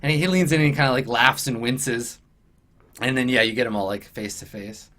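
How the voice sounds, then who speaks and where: A man's voice: medium pitch, fairly quick, sharp tone. A man running a tabletop role-playing game in a casual, easygoing way. He talks loosely, with plenty of fillers and the odd laugh. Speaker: game master.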